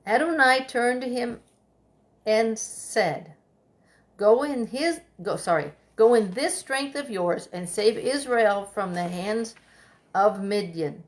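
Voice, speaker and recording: Woman reading scripture slowly. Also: on the high side. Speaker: scripture reader.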